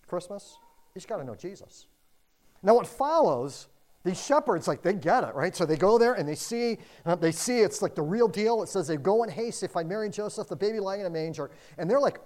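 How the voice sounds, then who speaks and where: A middle-aged pastor preaching to a roomful of listeners. The delivery is chatty and informal, leaning on filler words. It jumps from loud emphasis down to near-whispered asides. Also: medium pitch, a little fast. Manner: conversational, dotted with "like" and "you know"; animated, with swings between loud and hushed delivery. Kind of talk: sermon. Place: room with a congregation.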